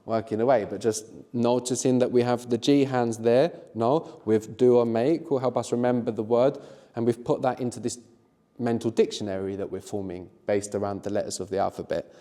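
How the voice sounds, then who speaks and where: A middle-aged man teaching a live workshop, encouraging the learners and often checking in with a quick "no?". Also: mid-range voice, fairly even intonation, mellow, big-room sound. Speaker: language teacher.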